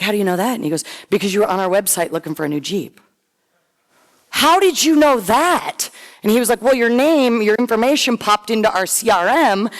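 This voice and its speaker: A middle-aged woman giving a conference talk, telling a story in a chatty, animated way and acting out what others said. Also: on the low side. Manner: chatty, animated, acts out quoted voices. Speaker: conference presenter. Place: large conference hall. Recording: long hall reverb.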